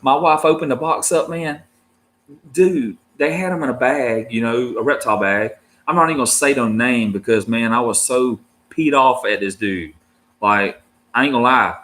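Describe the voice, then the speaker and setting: A man's voice: medium pitch, moderate pace, a bit bright. A married man chatting casually to his viewers as a reptile keeper, with a laid-back, slangy way of talking full of "dude" and "man". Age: adult, married. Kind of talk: casual rambling chat to viewers.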